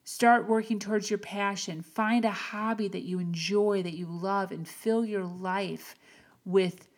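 A woman hosting a podcast, giving an earnest, encouraging motivational talk with slow, emphatic phrasing. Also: medium pitch, fairly even intonation. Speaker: podcast host. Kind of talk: motivational monologue.

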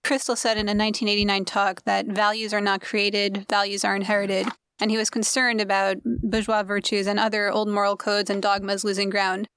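A woman hosting a podcast, asking measured, prepared questions. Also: medium pitch, flat delivery, a bit bright, clean tone, dry recording. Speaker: podcast host. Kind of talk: interview questions.

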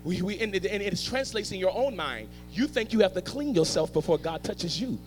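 Fervent male pastor, very high bright voice, hushed to shouting, faint music behind. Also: animated, fairly quick. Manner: playful asides to the congregation. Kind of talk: sermon. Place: church service.

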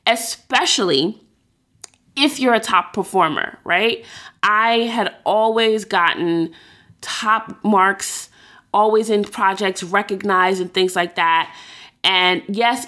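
A young adult woman hosts a podcast, sharing a personal story candidly and conversationally with lots of fillers. Her voice is mid-range with a fairly bright tone.

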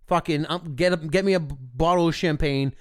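A man's voice: on the high side, steady tone, fairly quick. A man co-hosting a podcast in casual chat, joking and swearing loosely. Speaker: podcast co-host.

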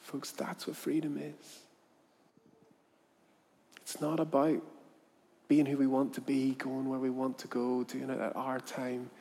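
A man preaching a sermon, telling a story and acting out its voices, then speaking quietly in appeal to his listeners. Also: medium pitch, completely flat delivery, measured pace, long pauses, slight background noise. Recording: long hall reverb.

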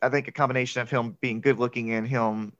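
A man's voice: medium pitch, fast, no echo. A man casually recapping a movie as a podcast co-host, chatty and laughing often. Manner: chatty, laughs often, quotes lines in excited voices. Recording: dull lo-fi, dry.

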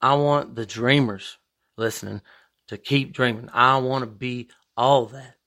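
A man hosting a podcast, talking in a profane, rambling monologue with big emphatic swings in pitch. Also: steady tone, measured pace, sharp tone. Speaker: podcast host. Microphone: podcast microphone.

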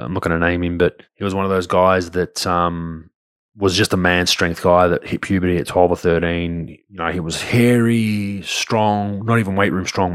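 A man's voice: low voice, fairly bright tone, smooth, dry recording, studio quality. A man with an Australian accent telling a story in a loose, conversational way, often restarting his sentences and swearing casually.

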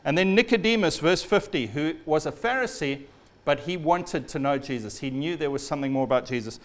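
A man preaching a sermon in a storytelling way, often dropping low and quiet at the ends of phrases. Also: animated, fairly quick.

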